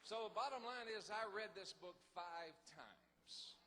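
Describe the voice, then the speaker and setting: An older man, a pastor giving an emphatic, animated sermon testimony in a large hall. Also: high-pitched, takes it slowly. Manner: animated storytelling, lively and emphatic. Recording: reverberant hall with faint noise.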